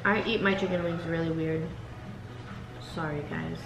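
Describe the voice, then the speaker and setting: A woman with a low, gravelly voice and fairly even intonation speaks at normal speed in an echoey room, with soft background music and low-quality sound. A vlogger hosting a casual mukbang at her family home during a meal, she teases her family and laughs as she eats.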